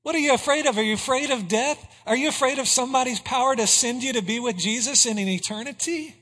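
A man preaching a sermon, swinging between hushed passages and loud exclamations of praise. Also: very high voice, expressive, normal speed, husky. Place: church sanctuary. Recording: long hall reverb.

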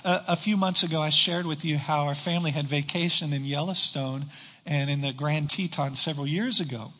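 Male pastor, sermon delivery, high and bright, asks the congregation questions, lingers on key words. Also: fairly even intonation. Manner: earnest preaching, slows down for emphasis, rhetorical questions. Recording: reverberant hall.

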